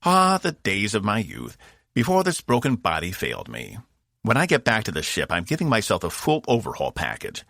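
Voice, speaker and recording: A man's voice: fairly low pitch, huge pitch swings, normal speed, gravelly, fairly bright tone, dry recording, clean studio sound, voice pushed up, exaggerated voice. A man voicing a boastful, teasing male robot with a put-on Cockney voice in an audiobook. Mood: indignant. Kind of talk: audiobook narration.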